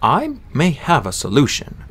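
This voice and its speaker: A man voicing a tall, elegant older Italian schemer in an audiobook, speaking softly and mildly in a measured way. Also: mid-range voice, huge pitch swings, slightly rough, pitched above the performer's own voice, exaggerated voice. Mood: smooth. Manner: soft, mild, measured.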